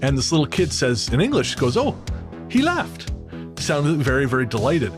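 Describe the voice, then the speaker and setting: A man in his usual mid-range pitch hosts a podcast and chats easily, telling jokey stories. Faint music sits behind him. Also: brisk. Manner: joking, chatty storyteller. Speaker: podcast host. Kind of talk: casual podcast chat.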